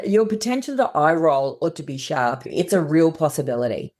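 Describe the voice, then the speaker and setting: Podcast guest: middle-aged woman, earnest, plainspoken, slightly low voice. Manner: earnest, plainspoken, acts out dialogue in quotes. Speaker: guest psychologist. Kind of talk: podcast interview.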